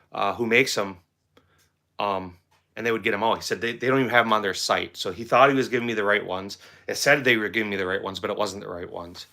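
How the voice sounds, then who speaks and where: A man's voice: lowish voice, sharp tone. A middle-aged man casually telling a rambling story to camera as host of a firearms channel, often repeating words.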